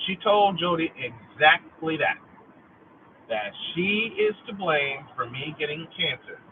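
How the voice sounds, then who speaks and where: A man's voice: fairly high pitch, lively intonation, measured pace, a little hiss or hum. A middle-aged man hosting a livestream, venting in an angry, profane monologue and repeating lines for emphasis. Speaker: livestream host. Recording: tinny phone-like sound.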